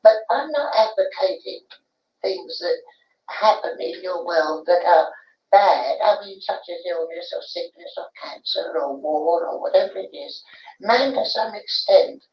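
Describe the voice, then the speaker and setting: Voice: medium pitch, unhurried, natural voice. A medium voicing a lecturing spirit on distant tape. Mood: solemn. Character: male spirit teaching through a medium. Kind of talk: archival seance recording. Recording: distant, echoey, lo-fi archive tape.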